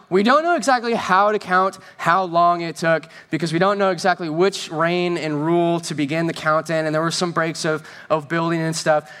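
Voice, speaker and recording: A man's voice: fairly high pitch, a bit bright. Joking, conversational man preaching. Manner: conversational, joking asides, acts out quoted voices. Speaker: pastor. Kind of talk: sermon. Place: church stage.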